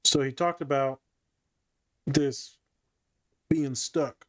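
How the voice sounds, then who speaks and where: Drawing out his words in a medium-pitched voice, a man hosts a casual podcast with no room sound. He's a therapist who tells stories from his office, animated and acting out each quoted line.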